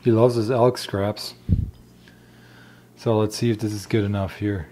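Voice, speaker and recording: A man's voice: lowish voice, steady tone, a little slow, warm tone, a little hiss or hum. A man with a German accent, chatting casually while tasting and cooking wild plants in his home kitchen. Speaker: homestead vlogger.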